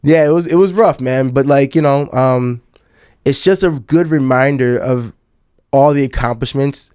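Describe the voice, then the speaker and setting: A man's voice: mid-range voice, normal speed, a little mellow, smooth, dry recording, clean studio sound. A man in his thirties, a podcast host and DJ, telling a long personal story in a casual, profane way and often calling the listener "dog.". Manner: laid-back and profane, calls the listener "dog".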